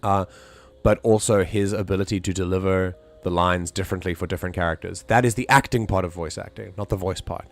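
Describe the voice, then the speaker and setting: A man's voice: low-pitched, steady tone, a little fast, faint music behind. A man chatting casually on a live stream, rambling with many restarts and fillers.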